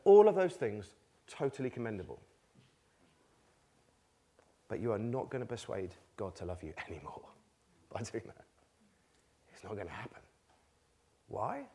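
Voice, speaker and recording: A man delivering a conversational sermon to a live congregation, his pitch rising and falling in a very animated way. He keeps it informal with a self-mocking sense of humor and slips quick laughs in between his points. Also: breathy edge. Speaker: preacher. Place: church meeting with a live congregation.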